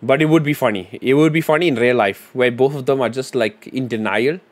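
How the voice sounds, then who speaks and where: A man's voice: mid-range voice, fairly quick. A young man from Singapore chatting casually on a livestream, joking and rambling. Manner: joking, rambling, lots of fillers and "bro". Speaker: streamer.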